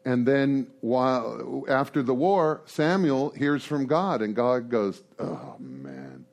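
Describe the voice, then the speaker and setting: A man's voice: medium pitch, takes it slowly, creaky, darkish tone. A middle-aged man speaking at a recovery meeting, storytelling in a rambling, conversational way with humorous asides. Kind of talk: storytelling talk to a group.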